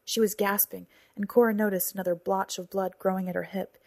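A woman reads a novel aloud in a breathy, husky voice at a middling pitch. The sound is close and dry, with no room around it. She drops to a whisper or rises to a shout for the characters' lines. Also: little pitch movement, a little fast, no room sound. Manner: acts out dialogue with whispers and raised voices. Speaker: audiobook narrator. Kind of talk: scripted narration.

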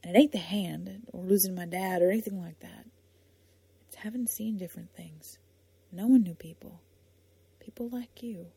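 A quiet, earnest young man from a storybook speaks in hushed, halting phrases, read by a woman. The tone is dark and mellow, heavily breathy, recorded close and dry. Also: high voice, no echo, exaggerated voice. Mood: subdued.

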